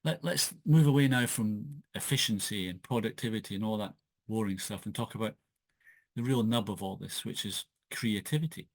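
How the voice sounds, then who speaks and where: A Scottish author offers casual solo podcast talk on his own channel, hesitating often with fillers and restarts. His low voice moves at a moderate pace without echo, recorded through a laptop's built-in microphone in a home office with a wooden desk.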